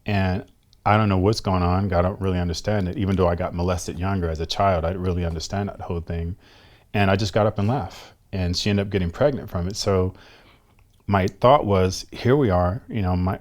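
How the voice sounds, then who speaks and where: A middle-aged man from the United States, a guest telling a personal story in a halting, reflective way. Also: deep voice. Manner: halting, reflective, slows down often.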